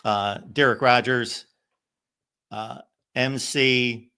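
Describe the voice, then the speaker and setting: Guy hosting a call-in show, bright voice, rambles through old stories with lots of uhs. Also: medium pitch, fairly even intonation, drawn-out words, gravelly, clean tone. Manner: rambling, anecdotal, many fillers and restarts. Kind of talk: casual storytelling.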